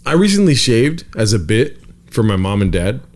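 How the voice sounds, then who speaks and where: A man's voice: on the low side, big pitch swings, moderate pace. A young man hosting a podcast, telling a rambling story in loose casual chat, full of swearing and "dude". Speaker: podcast host.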